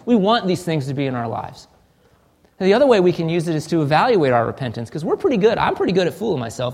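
A man preaching a sermon in an earnest, searching way, often restarting phrases and sinking to a soft, low voice. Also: creaky. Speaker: pastor.

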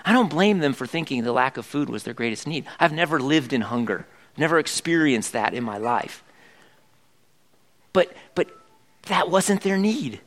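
A man with a notably high-pitched voice delivers a sermon to his congregation. He is middle-aged and talks in an easygoing, conversational way, tossing rhetorical questions out to the room. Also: expressive, moderate pace, a bit bright. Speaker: pastor.

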